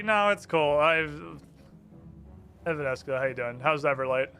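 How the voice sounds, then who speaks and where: Animated, bright-voiced male streamer. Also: on the high side, normal speed, smooth, faint music behind. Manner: chatty and animated, with fillers. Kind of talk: casual gameplay commentary.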